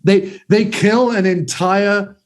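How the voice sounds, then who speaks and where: This podcast host, a man in his forties, talks films with enthusiasm, rambling and dropping casual swear words. He has a high-pitched voice with fairly even intonation and a slow pace.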